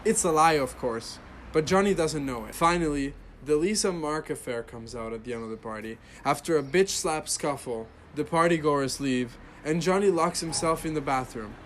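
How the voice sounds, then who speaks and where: A man's voice: on the high side, normal speed, a bit bright, slight background noise. A man hosting a podcast, sarcastically reviewing and reacting to a bad movie with crude, mock-reverent humor. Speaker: podcast host.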